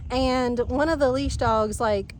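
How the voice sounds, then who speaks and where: A woman, chatting casually and telling an animated story outdoors on her farm. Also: sits high, unhurried, a little hiss or hum. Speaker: farm vlogger.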